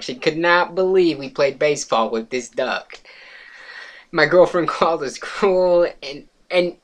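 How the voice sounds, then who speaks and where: A young man rambles through a comic story at a vlog camera. He swears freely and laughs as he goes. His voice sits at an ordinary pitch for a man. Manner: swears freely, laughs while telling, gets loud and excited at the funny parts. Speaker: vlogger.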